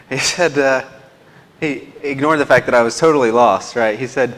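A man's voice: medium pitch, normal speed, a bit bright. Young guy preaching, self-deprecating storyteller, long echo in a big hall. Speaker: lay preacher, teacher. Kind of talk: sermon. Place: church hall.

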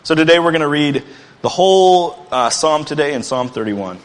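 Guy preaching a sermon, earnest, gets loud for emphasis, long echo from the church hall. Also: a little high, lively intonation, moderate pace. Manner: earnest, rising to emphatic bursts. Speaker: pastor.

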